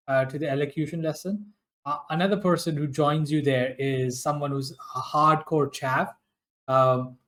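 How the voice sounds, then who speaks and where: A man's voice: on the high side, fairly bright tone. A man playing a duet tabletop game as the guardian, teasing and scheming against the other player.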